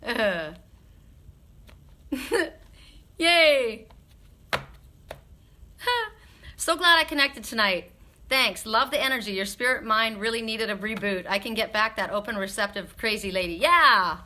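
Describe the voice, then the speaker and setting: A woman's voice: on the high side, expressive, unhurried, pauses often, bright, forceful tone. A woman doing spiritual readings on a live stream, chatting frankly with viewers, laughing often and swearing freely.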